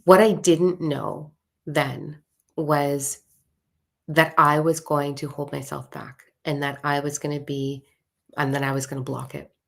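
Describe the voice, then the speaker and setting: A woman telling a personal spiritual story in a casual monologue, animated and acting out the voices of the people she quotes. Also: low voice, a little slow, gravelly. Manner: animated, acts out quoted voices, swears freely. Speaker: spiritual author and coach.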